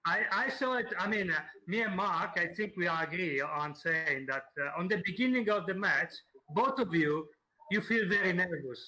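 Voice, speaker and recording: Bright-voiced host, halting English. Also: male voice, high-pitched, expressive, low-quality recording. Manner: halting, many fillers, switches between languages. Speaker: host and translator. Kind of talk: live stream interview.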